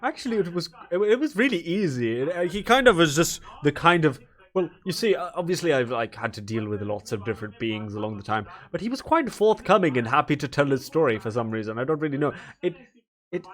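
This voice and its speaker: A man voicing a calm, amused male god of stories who talks in a measured, musing way. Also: a little high.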